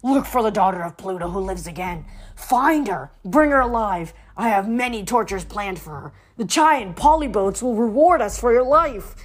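A woman's voice: medium pitch, normal speed, lightly acted. Brief: eager, boastful male grain spirit, voiced by a woman reading aloud, storybook reading. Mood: excited. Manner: excited, bragging.

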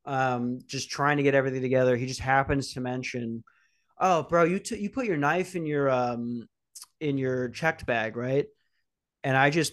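A young man casually telling a rambling story on a podcast, swearing and acting out quotes. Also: mid-range voice. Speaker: podcast host.

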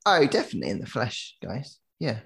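A man's voice: medium pitch, huge pitch swings, a little fast, vocal fry, fairly bright tone, husky. A man co-hosting a podcast in casual chat, dry and teasing. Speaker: podcast co-host.

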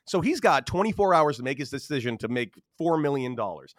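A man hosting a casual sports chat who tells animated stories, laughing and repeating himself. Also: medium pitch, brisk, no room sound, studio quality. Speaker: podcast host.

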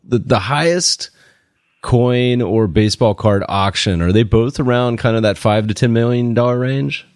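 A man hosting a podcast who reacts briefly and asks halting questions. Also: mid-range voice, dry recording. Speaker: podcast host. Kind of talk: interviewing.

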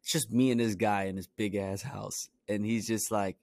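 A man's voice: lowish voice, fairly even intonation, normal speed, vocal fry, a little mellow, no echo. Young man telling stories, rambling. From Brooklyn, New York. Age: young adult. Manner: rambling, heavy on "you know" and "like" fillers. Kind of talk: casual storytelling.

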